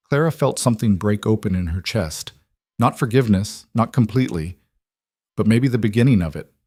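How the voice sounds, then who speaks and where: Male narrator, scripted story; measured, low, dry. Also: expressive, darkish tone, dry recording.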